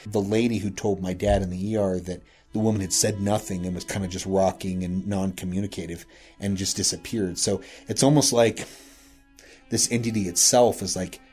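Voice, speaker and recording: A man's voice: deep voice, fairly even intonation, moderate pace, a little mellow, faint music behind. A man casually retelling a local ghost story he heard, rambling along with frequent "he said" and "you know" asides.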